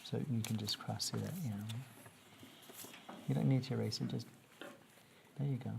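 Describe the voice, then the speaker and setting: A man's voice: medium pitch, fairly even intonation, moderate pace, vocal fry, background noise. A man teaching a grammar lesson to young students, patiently asking questions and coaxing answers.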